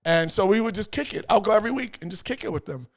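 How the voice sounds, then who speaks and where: A middle-aged man, telling stories as an interview guest in an animated way, repeating phrases and acting out voices. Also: high voice, fast talker. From New York. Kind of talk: casual storytelling chat.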